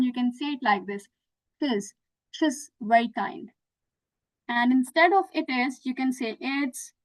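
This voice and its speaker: A woman's voice: a little high, a bit bright, rough recording. A young woman teaching an online lesson, explaining patiently with many examples. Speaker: English teacher.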